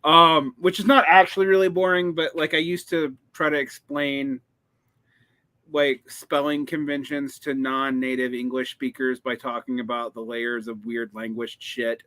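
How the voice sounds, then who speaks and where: A man's voice: medium pitch, flat delivery, measured pace, sharp tone, dry recording. A man hosting a casual conversation, explaining language history in a digressive, lecturing way with many fillers and restarts. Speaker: host, teacher.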